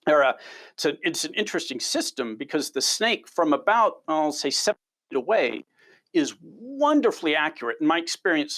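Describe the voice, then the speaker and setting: A man's voice: a little high, a bit bright. Enthusiastic middle-aged man telling stories. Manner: enthusiastic storyteller, repeats words when starting sentences. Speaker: biology researcher. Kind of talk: casual interview answers.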